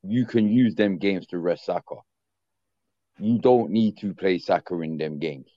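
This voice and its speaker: A man in casual football chat, animated and slangy, repeating words when he gets going, calling in on his phone. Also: sits low, a little slow, dry recording, highs cut off. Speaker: football panel guest. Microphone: phone on a call.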